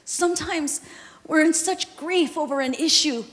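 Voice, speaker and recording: A woman pastor delivers an impassioned sermon, dropping to a hush and then rising to shouts. Her voice sits high. The church sanctuary adds a long, ringing reverb. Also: a little slow. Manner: impassioned, swings from hushed to shouting.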